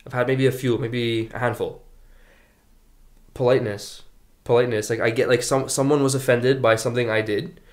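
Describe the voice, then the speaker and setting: A man chats as a guest on a casual podcast, relaxed and unhurried. He thinks aloud and searches for his words in a plain, mid-pitched voice. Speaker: podcast guest, internet comedian.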